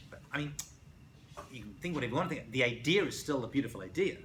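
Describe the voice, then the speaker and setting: A man, a rabbi, giving a casual classroom lecture to students, animated and often checking in with "right?". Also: medium pitch, fast, slight background noise. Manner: animated, asks students questions, frequent "right?". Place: college lecture room.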